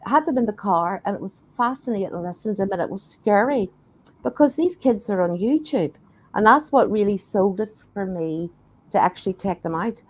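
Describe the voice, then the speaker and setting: Older Scottish woman, animated storyteller. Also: medium pitch, a little fast, poor audio. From Scotland. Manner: animated storyteller, acting out quoted voices. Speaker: paranormal investigator guest. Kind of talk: casual chat.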